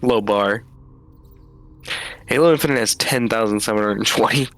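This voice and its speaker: A man's voice: fairly low pitch, moderate pace, fairly bright tone. Man, player, casual chat, dry matter-of-fact delivery.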